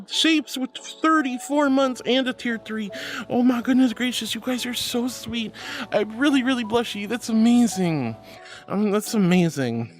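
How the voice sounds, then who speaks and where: Bubbly affectionate woman streamer, music behind. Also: high voice. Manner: bubbly, affectionate, reads chat aloud. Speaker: livestream host. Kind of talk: casual live-stream chat. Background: background music.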